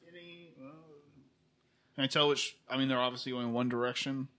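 A man's voice: mid-range voice, fairly quick, pushed and bright. A man playing a tabletop game, talking casually and musing aloud with questions. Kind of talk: casual in-character table talk.

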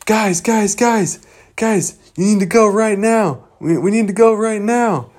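Frantic young boy hero, very high and loud, as a man puts him on. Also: measured pace. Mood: urgent.

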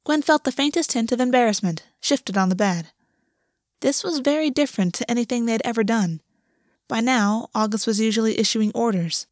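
A woman narrating a story aloud in a steady, even reading voice. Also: a little high, normal speed, no room sound, studio quality. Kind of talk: audiobook reading.

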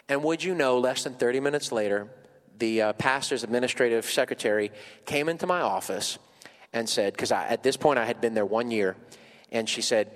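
Man preaching in a reverberant sanctuary. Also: fairly quick. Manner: conversational, many fillers, rises high and emotional at peaks. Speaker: pastor. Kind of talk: sermon with personal story. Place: large church sanctuary.

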